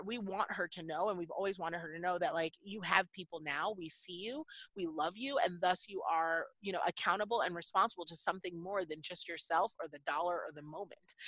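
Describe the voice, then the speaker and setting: Middle-aged woman guest, bright dry voice, animated and self-deprecating, lots of fillers. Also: fairly low pitch, no room sound, rough recording. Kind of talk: casual interview talk.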